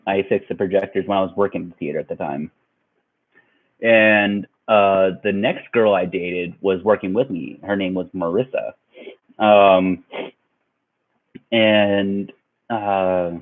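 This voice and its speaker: A man in his twenties telling a personal story in a rambling way, with lots of fillers and laughs. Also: low-pitched. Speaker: vlogger. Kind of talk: storytime vlog. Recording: tinny phone-like sound.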